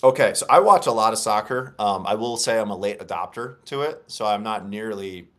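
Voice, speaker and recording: A man's voice: on the low side, animated, fairly quick. A young man co-hosting a casual sports podcast, chatty and upbeat when he tells a story. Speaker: podcast co-host.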